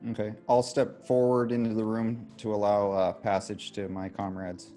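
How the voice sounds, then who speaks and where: A man playing a tabletop game, stating his character's actions in a relaxed, joking way. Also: lowish voice, moderate pace, faint music behind. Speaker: player. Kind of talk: casual tabletop game play.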